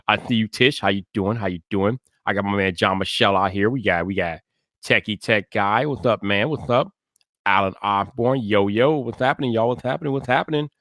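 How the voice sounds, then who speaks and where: A man hosting a tech podcast live, chatting casually with viewers and greeting them by name, then hyping his intro with shouted energy. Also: medium pitch, no room sound, studio quality.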